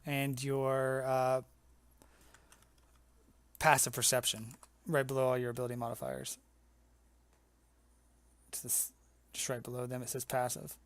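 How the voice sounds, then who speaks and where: A man running an online tabletop game as game master, talking casually and halting with fillers. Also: mid-range voice, little pitch movement, clear, resonant tone, dry recording.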